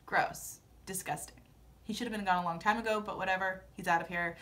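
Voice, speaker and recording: A young woman vlogging sassy, animated, opinionated commentary in casual chat. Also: mid-range voice, fairly quick. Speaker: vlogger recapping a TV show.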